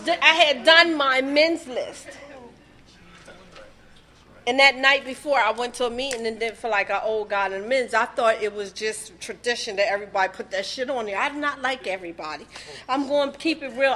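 A woman's voice: sits high, normal speed, pushed and bright. Emotional woman sharing her recovery story. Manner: raw, emotional, profane storytelling. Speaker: recovery meeting speaker. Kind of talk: personal testimony at a meeting.

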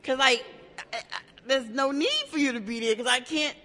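A woman opens up at a support meeting in a high, bright voice, halting and restarting, swearing freely as she works through her thoughts. Her voice carries a long reverb, as if heard in an echoey hall. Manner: raw, profane, halting with many restarts. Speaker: member sharing at a support meeting. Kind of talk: emotional personal share. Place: meeting room.

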